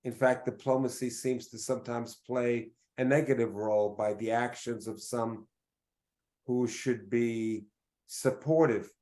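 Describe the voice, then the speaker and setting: A middle-aged man delivers a formal statement at a press conference. He speaks in a measured, deliberate way, stopping often on fillers as he builds his points. His voice sits at an ordinary middle pitch. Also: warm tone.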